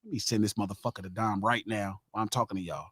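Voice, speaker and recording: A middle-aged man hosting a podcast, talking in a profane, animated way and arguing with himself in mock quotes. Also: fairly low pitch, racing, slightly rough, dry recording. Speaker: podcast host. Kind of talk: casual chat.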